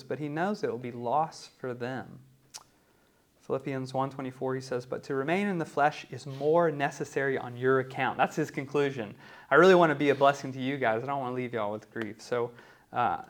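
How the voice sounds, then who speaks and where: A man preaching in a conversational teaching style, often pausing with "um" and asking "right?". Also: medium pitch. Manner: conversational, many ums and rhetorical "right?". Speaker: pastor teaching a class. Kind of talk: teaching sermon.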